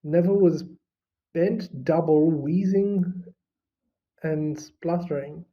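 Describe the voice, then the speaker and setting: A reader narrating a storybook in a measured, unhurried manner, in a slightly muffled recording. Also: mid-range voice. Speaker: audiobook reader.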